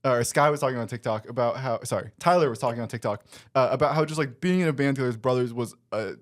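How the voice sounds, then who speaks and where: Podcast host dude, talks fast, chatty and thoughtful. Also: male voice, medium pitch. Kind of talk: casual interview chat.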